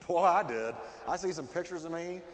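A middle-aged man preaching a sermon as a pastor, emphatic and animated, often asking his listeners questions. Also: on the high side, moderate pace. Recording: long hall reverb.

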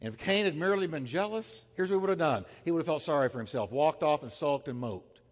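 A man's voice: fairly high pitch, expressive, fast talker, big-room sound. A man preaching a sermon as pastor. He talks emphatically, repeats his phrases and has the congregation say lines back to him.

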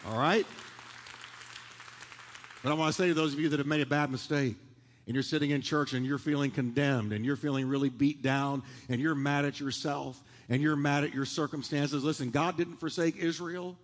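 A man delivering a sermon in a church sanctuary, calling on the congregation to repeat lines back to him. His voice sits a little high for a man and swells with fervor, and a long reverb trails behind every phrase. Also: steady tone, normal speed, a faint crowd. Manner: preaching with rising fervor, leading the congregation in call-and-response. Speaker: pastor.

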